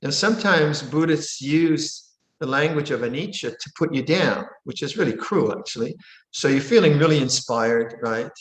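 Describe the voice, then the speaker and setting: A man teaching as a monastic during a question-and-answer session on meditation. He talks gently and playfully and acts out moods with sudden high exclamations. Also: animated, moderate pace. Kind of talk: Dharma Q&A teaching. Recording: roomy echo.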